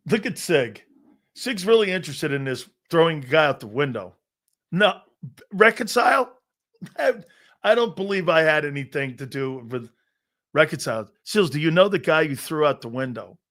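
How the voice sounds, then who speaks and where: A man's voice: fairly high pitch, expressive, normal speed, a bit bright. A man in his fifties hosting a sports talk show, telling brash, boastful stories full of restarts and acted-out quotes. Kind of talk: casual sports talk storytelling.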